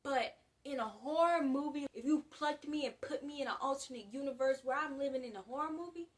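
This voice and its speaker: A 19-year-old woman from the US gives a casual, slangy to-camera monologue, talking in an animated way with big swings in loudness. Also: high voice, fairly quick, far from the mic. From United States. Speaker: vlogger.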